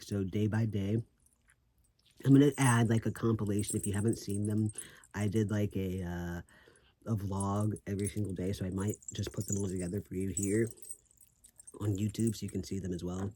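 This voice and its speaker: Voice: deep voice, mellow. Sassy, foul-mouthed vlogger with a swollen tongue. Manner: sassy, brash and profane, laughing often. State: slurred speech from a swollen tongue. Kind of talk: casual vlog talk.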